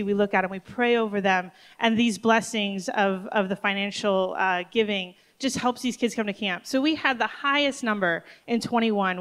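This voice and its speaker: Wzruszona kobieta, dyrektorka obozu, w pogłosie sali. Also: female voice, a little high, a bit bright, clean tone. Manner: heartfelt, emotional storytelling. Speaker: summer camp director. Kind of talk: telling a story at a church service. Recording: long hall reverb.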